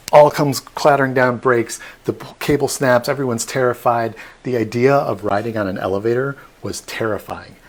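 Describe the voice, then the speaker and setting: A man tour guide giving a live online virtual tour, telling history as a lively story with playful asides to his audience. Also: medium pitch. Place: at home, streamed online.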